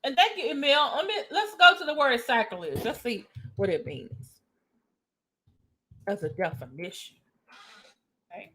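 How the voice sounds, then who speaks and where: A woman hosting a casual reaction commentary, chatting with viewers. Her voice sits a little high. She stops to read definitions aloud. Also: expressive, a little slow, pauses often, fairly bright tone. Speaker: commentary vlogger.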